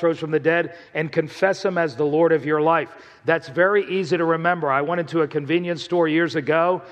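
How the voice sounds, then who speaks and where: A man's voice: a little high, big-room sound. A male pastor preaching a sermon, telling stories in a conversational way and asking the congregation questions.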